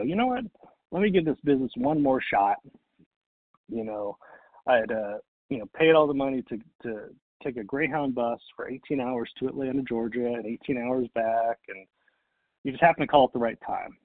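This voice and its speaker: A man's voice: medium pitch, dry recording. A middle-aged man telling a motivational business story, acting out both sides of the phone calls. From Texas. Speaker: network marketing speaker. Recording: tinny phone-like audio.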